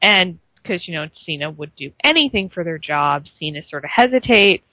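A woman's voice: fairly low pitch, lively intonation, normal speed, bright, forceful tone, no echo. A woman co-hosting a wrestling recap show, giving sarcastic, dry commentary. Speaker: wrestling podcast co-host. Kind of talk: casual wrestling recap chat. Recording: dry, muffled lo-fi stream.

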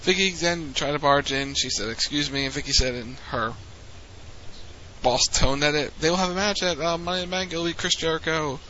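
Chatty man recapping with a sharp, bright voice. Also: fairly high pitch, brisk, dull audio, a little hiss or hum. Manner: rambling, chatty, with frequent restarts. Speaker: podcast co-host recapping wrestling. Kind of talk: casual recap chat.

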